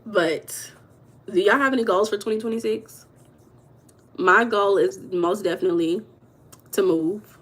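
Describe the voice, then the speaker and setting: A woman's voice: mid-range voice, a little slow, long pauses, slightly rough. A woman hosting a casual livestream, chatting and gossiping with her viewers and reading their comments aloud. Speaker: livestream host.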